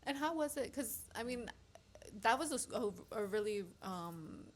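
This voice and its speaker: A woman's voice: on the high side, lively intonation, moderate pace. A woman hosting a podcast who asks curious questions and tags them with "right?" and "like". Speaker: podcast host. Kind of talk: casual interview chat.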